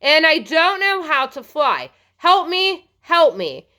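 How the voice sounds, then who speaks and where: A woman voicing a frightened teenage boy, high and pleading. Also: big pitch swings, slow, pushed and bright, full character voice. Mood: desperate. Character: terrified teenage boy alone in a plane.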